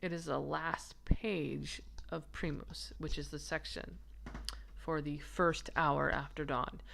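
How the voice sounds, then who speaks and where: A woman with a low, gravelly voice talks slowly through a casual lesson on a manuscript. She is chatty and giggly and rambles with restarts. She stops to answer viewer comments. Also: fairly even intonation, noisy background. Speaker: manuscript researcher presenting her findings.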